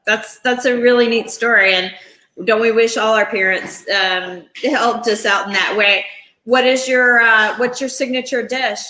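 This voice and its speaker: A woman hosting a casual interview, encouraging her guest with quick interjections. Her voice is bright and slightly high, and the room around her sounds echoey. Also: steady tone. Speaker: wine shop host.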